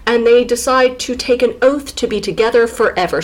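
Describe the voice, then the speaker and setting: A woman's voice: on the high side, fairly quick. A woman co-hosting a podcast, sarcastically recapping a novel in casual chat and laughing often. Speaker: podcast co-host.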